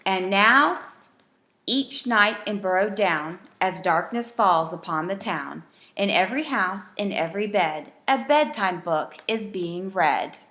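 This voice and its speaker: A woman reads a rhyming bedtime story aloud in a slow, gentle voice. Her delivery has a steady rhythm that follows the rhyme, and her pitch sits in the middle range.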